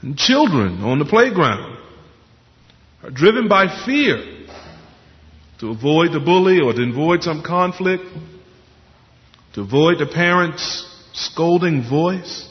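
A man's voice: fairly high pitch, sing-song. Earnest preacher man in a reverberant hall. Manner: earnest, with pauses and rhetorical questions. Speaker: pastor. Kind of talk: sermon. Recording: dull sound in a reverberant hall.

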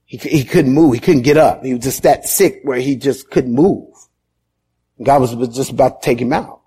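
A man preaching a sermon as pastor, conversational and repetitive, rising into shouted emphasis. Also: mid-range voice, normal speed, slightly rough.

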